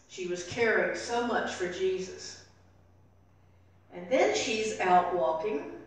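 Echoey woman preacher, heard from afar. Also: mid-range voice. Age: older. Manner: storytelling, acting out voices softly in quotes. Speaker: pastor. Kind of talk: sermon. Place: church sanctuary. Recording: very echoey room, voice from far off.

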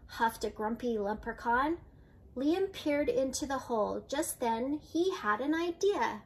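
An older woman, a grandmother, reading a children's picture book aloud in a gentle storytelling way, with light voices for the characters. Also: sits high, lively intonation, a little slow, a little hiss or hum.

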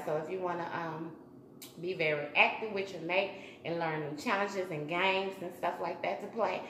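A woman, chatting casually to her viewers as a mukbang vlogger and giving shout-outs. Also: mid-range voice, roomy sound, slight background noise, rough recording. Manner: chatty, warm shout-outs, bursts of humming.

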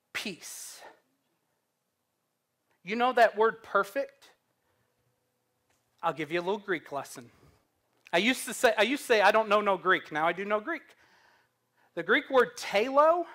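A man's voice: sits high, a bit bright. A young man preaching a sermon, earnest and humorous, telling stories. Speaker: pastor.

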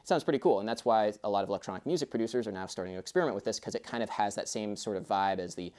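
Mellow-voiced man explaining rhythm. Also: fairly low pitch, racing. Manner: chatty, rambling asides. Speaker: music teacher. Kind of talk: casual explanatory lesson.

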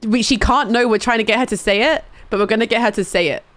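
A woman's voice: on the high side, quick pace, a bit bright. A woman streaming a game, chatting playfully with friends, laughing often and swearing casually.

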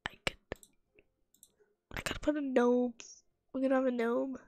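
A woman's voice: high-pitched, flat delivery, moderate pace, dark tone, a little hiss or hum. A woman streamer giving casual gameplay commentary, thinking aloud in a mutter that sometimes drops to a whisper.

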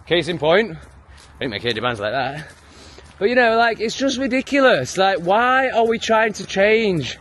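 A man's voice: sits high, sing-song, normal speed, a bit bright. An English man ranting heatedly and swearing a lot in his own opinion vlog. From England. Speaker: vlogger. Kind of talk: profane opinion rant.

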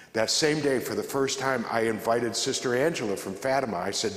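A man addresses a church congregation with a fervent, emphatic testimony, often voicing his own prayers as if speaking them again. His voice sits at an ordinary middle pitch. The recording is roomy, with a long reverb trailing through the large church. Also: normal speed, a bit bright. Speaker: Catholic speaker giving a witness talk. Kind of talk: spoken testimony to a church audience.

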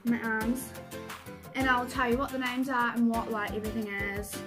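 A woman beauty vlogger talking casually through an unboxing, gushing, excitable and often giggling. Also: fairly high pitch, normal speed. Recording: music playing under the voice.

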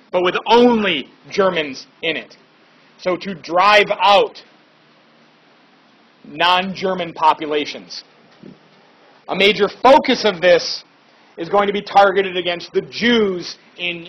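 A man with a high, husky voice gives a relaxed history lecture, full of chatty asides and casual fillers. The recording sounds dull and lo-fi. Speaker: history teacher.

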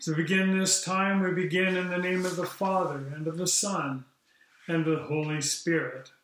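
A man leading a church service as pastor, reading scripture in a measured way with small fillers. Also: a little high, fairly even intonation, fairly bright tone, slight background noise. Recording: echoey church room.

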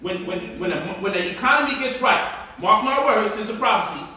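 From his home, a man runs a loose, joking livestream about stock investing, full of slang. His high voice is animated, brisk, pushed and bright, and the recording comes through an echoey indoor room with the mic at a distance.

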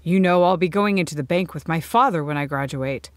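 A woman's voice: a little fast, no echo, studio quality, lightly acted. A woman voicing an eager, earnest young man in an audiobook. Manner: steady, low-pitched storybook dialogue.

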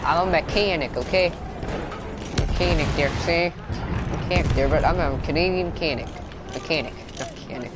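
A man's voice: fairly high pitch, normal speed, heavy background noise. Joking young man narrating gameplay. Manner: joking, rambling, self-mocking. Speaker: gaming YouTuber. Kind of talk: casual gameplay commentary. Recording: loud game sounds behind voice.

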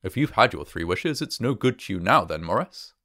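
A man reading the part of an older husband who asks eager questions and muses slowly. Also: lowish voice, lively intonation, bright, forceful tone, no room sound, studio quality. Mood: curious. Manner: inquisitive, slow-spoken.

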